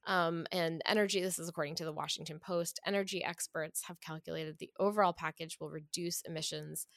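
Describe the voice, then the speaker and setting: Woman, lowish voice, chatty, casual political chat, dry recording. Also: steady tone, brisk, creaky, dry recording.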